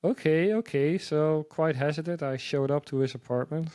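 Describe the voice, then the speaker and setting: A man sharing a personal testimony as a guest, halting and repeating words as he tells his story. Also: on the high side, fairly even intonation, darkish tone, smooth, no echo.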